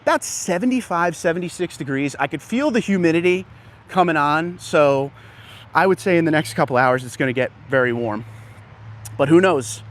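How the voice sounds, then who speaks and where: A man's voice: fairly high pitch, lively intonation, moderate pace. A man hosting a casual live stream, walking through an outdoor dealership lot and greeting viewers by name, a little out of breath from walking. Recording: faint outdoor background noise.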